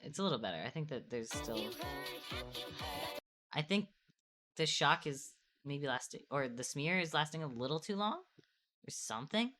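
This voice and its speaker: A woman's voice: low-pitched, very animated, normal speed, long pauses, a bit bright, faint music behind. A young adult woman from the United States, chatting casually and laughing often while co-hosting an art stream. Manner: laughs often, playful teasing. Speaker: co-host streamer. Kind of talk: casual chat while drawing.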